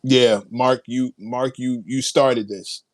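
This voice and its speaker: A man hosts a livestream and reacts to viewer comments, hyped and laughing as he goes. His voice sits at an ordinary middle pitch, and he often repeats his phrases. The sound is close and dry, with little room around it. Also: steady tone, takes it slowly, dry recording. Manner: hyped, laughing, repeats phrases, playful hip hop slang. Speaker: livestream host.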